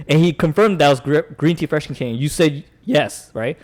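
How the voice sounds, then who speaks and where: Lively, fast-talking young man telling a story. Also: fairly high pitch. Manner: animated storyteller, acts out customers and managers, laughs often. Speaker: podcast co-host. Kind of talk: casual chat, telling a work story.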